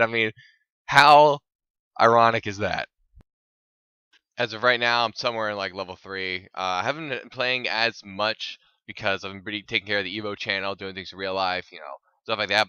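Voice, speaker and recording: A man's voice: medium pitch, sharp tone, clean tone, dry recording, lo-fi sound. A man giving rambling, exasperated, self-mocking commentary over his own gameplay footage. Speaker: gaming channel host.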